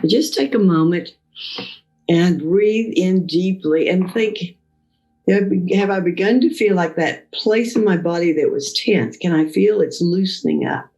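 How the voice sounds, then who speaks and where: A woman leading a guided Christian mindfulness session, talking slowly and gently through breathing exercises. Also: lowish voice, faint music behind, poor audio. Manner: slow, gentle spoken guidance of breathing. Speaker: mindfulness leader.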